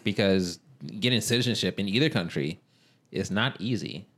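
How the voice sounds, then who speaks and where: A man's voice: sits low, normal speed. A man co-hosting a podcast in casual chat, making dry, wisecracking jokes. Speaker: podcast co-host.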